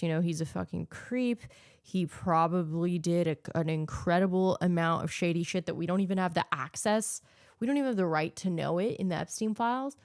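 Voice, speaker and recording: A woman's voice: fairly low pitch, a little mellow, no echo, clean studio sound. A woman hosting her own podcast, ranting solo in a sarcastic, profane, opinionated way. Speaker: podcast host.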